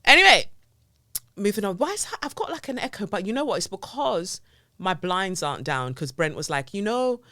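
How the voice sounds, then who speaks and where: A woman chats on her solo podcast, sliding happily from one tangent to the next. Her voice is bright and forward, sitting in the middle of the range. The sound is dry and close, recorded at a mic near her face in a home office. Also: mid-range voice, sing-song, fairly quick, dry recording. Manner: chatty, digressive, playful. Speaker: podcast host. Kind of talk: casual solo podcast chat. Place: home office with window blinds up. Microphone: mic on a stand close to her face.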